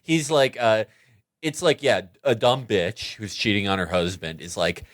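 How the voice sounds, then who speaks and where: Man, mocking podcast co-host, lively swooping voice, dry close mic. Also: lowish voice, a little slow, dry recording. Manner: mocking, animated. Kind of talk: casual podcast chat.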